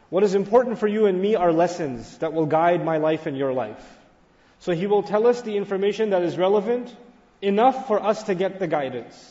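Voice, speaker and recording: A man with a notably high voice gives an animated, storytelling sermon, acting out a child's excited words. The lo-fi recording is dull, with long reverb from a large hall. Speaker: Islamic teacher. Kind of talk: sermon-style Quran lecture.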